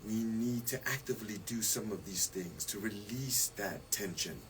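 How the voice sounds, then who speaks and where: A man's voice: on the low side, moderate pace, noisy background. A man as a radio guest, chatting casually about stress and wellness, laughing often and asking "you see?".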